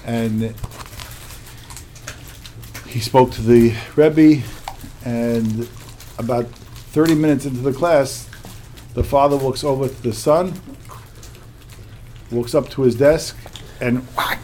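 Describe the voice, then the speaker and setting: A man's voice: mid-range voice, takes it slowly, pauses often, mellow, slight background noise. A middle-aged man from the United States, a religious teacher telling a story to his class in a repetitive, emphatic way.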